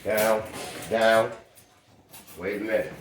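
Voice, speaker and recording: Man, deep voice, sleepy, relaxed slang chat, roomy echo. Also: takes it slowly, slight background noise. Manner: laid-back slangy chat, keeps asking "you understand me". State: just woken up, groggy. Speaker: dog owner vlogger. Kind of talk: casual vlog talk to camera. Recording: roomy echoey sound.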